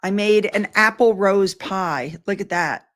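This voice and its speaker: A woman's voice: mid-range voice, unhurried, a bit bright. An older woman vlogging from home, talking straight to her viewers. She rambles from one thing to the next with effusive enthusiasm, keeping everything loose and casual.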